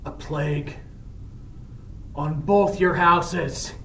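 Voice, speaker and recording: A man voicing a dying young man who curses slowly in a low, strained voice. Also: creaky, slight background noise, heavily acted. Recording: echoey room, mic at a distance.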